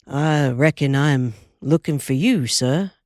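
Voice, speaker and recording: A serious, unhurried Southern cowboy, as a woman narrator puts him on in an audiobook. He speaks in a lowered, civil drawl, every word measured and courteous. The reading is dry and close. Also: darkish tone, no echo. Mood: grave, civil. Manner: slow, polite Southern drawl. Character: grave, soft-spoken Southern cowboy man. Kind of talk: audiobook character voice.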